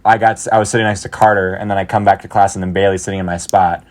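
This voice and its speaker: Young man, slightly low voice, podcast co-host, rambling rant, lots of "like"s. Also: little pitch movement, very fast. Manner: rambling storytelling with many fillers, gets worked up. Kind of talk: casual chat.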